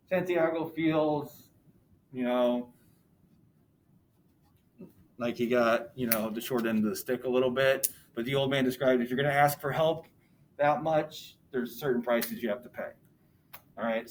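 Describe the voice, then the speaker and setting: A man's voice: medium pitch, slight background noise, rough recording. A male teacher in a classroom, casually retelling a story and asking his students questions as he goes. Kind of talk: classroom lesson retelling a novel.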